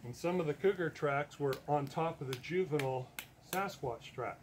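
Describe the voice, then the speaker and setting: A man's voice: fairly high pitch, normal speed, a little hiss or hum. Earnest, emphatic man giving a talk. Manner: earnest, emphatic, repeats for stress. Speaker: presenter. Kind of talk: talk to an audience.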